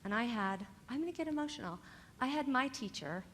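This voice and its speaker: Addressing her students head-on, a dance instructor from California gives young dancers a lively pep talk full of encouragement. She sounds a little high and brisk, over a faint hiss or hum.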